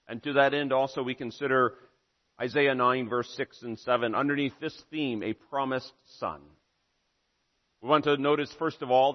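A man preaching a sermon, measured and solemn, building to emphatic repeated phrases. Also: medium pitch. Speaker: pastor. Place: church sanctuary. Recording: muffled sound with long hall reverb.

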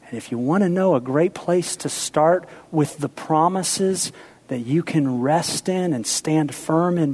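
Man, pastor, sermon, higher voice, playful, hushed appeals. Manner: playful, then hushed and intense.

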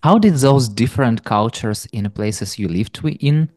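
A man's voice: medium pitch, expressive, darkish tone, dry recording. A man hosting a podcast, friendly and chatty, laughing often. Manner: friendly, laughs often, quick bursts when explaining. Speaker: podcast host. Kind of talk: casual interview.

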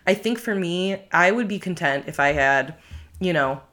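A woman's voice: fairly low pitch, animated, moderate pace, fairly bright tone. A young woman chatting on a podcast, rambling and reflective, leaning on lots of "like" fillers. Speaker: podcast co-host, YouTuber. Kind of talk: casual podcast chat.

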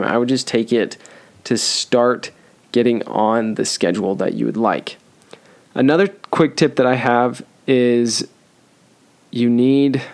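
A man's voice: mid-range voice, darkish tone. A young man hosting a solo podcast, giving advice in a loose, joking way with frequent ums and restarts. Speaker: podcast host.

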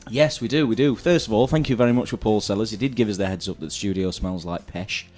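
English man, radio co-host, rapid rambling chat, lowish voice, small studio. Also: darkish tone, soft background music. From England. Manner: rambling, self-interrupting storyteller. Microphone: studio mic with headphones.

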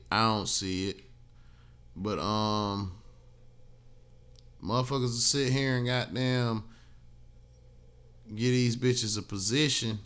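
A man's voice: fairly low pitch, fairly bright tone, clear, resonant tone. A young man hosting a solo podcast, talking bluntly and profanely in a loose conversational rant, tired and yawning after a flight. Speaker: podcast host.

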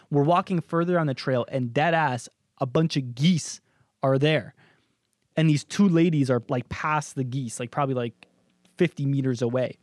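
A young man co-hosts a comedic podcast and tells an anecdote with big swings in pitch and frequent laughter. His voice sits a bit high for a man. The sound is close and dry. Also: dry recording. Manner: animated storyteller, laughs often. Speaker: podcast co-host. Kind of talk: casual comedic chat.

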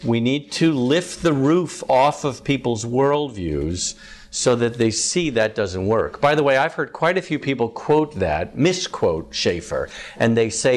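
A man's voice: medium pitch, expressive, a little slow. Chatty male campus minister teaching. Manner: chatty, asks the audience questions, frequent ums. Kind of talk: conversational teaching talk to a live audience.

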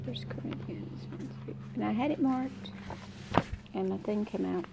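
A woman's voice: mid-range voice, measured pace, creaky, heavy background noise. Middle-aged woman leading an informal Bible study. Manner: conversational, searches aloud for verses, reads scripture aloud.

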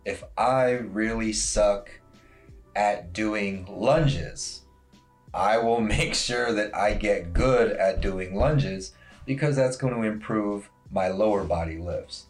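A man's voice: fairly low pitch, slow pace, soft background music. A man strength coach chatting casually, full of fillers like "you know". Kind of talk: casual podcast chat.

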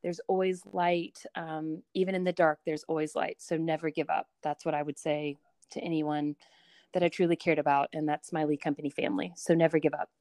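A woman's voice: low-pitched, flat delivery, brisk, darkish tone, dry recording. A woman chatting casually as a podcast guest, upbeat and laughing easily. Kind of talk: casual interview chat.

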